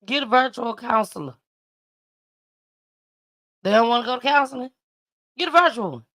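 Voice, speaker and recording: A woman's voice: fairly high pitch, lively intonation, normal speed, a bit bright. A woman hosting a commentary show, reacting to news clips with emphatic, repetitive advice to parents. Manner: emphatic, preachy, repeats her points. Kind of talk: casual commentary.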